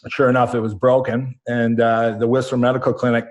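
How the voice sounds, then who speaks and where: A man's voice: mid-range voice, flat delivery, fairly quick, dull audio. Man telling a rambling story. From Canada. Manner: rambling, vivid anecdote with frequent ums. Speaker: guest, former rugby player. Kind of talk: casual storytelling.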